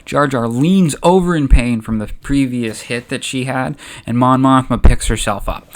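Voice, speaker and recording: A man's voice: mid-range voice, moderate pace. A man hosting a channel, narrating a story in a casual, chatty way. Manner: chatty, relaxed, uses fillers. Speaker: YouTube host.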